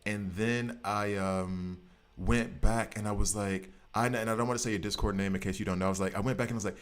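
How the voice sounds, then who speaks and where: Low-voiced man rambling to his stream chat. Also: brisk. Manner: rambling, self-correcting, chats directly with viewers. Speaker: gaming streamer. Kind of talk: casual live-stream chat.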